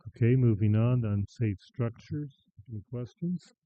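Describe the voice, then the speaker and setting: A man chairing a county committee meeting, moving briskly through routine agenda items. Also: mid-range voice, dry recording. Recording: dull, dry public meeting audio.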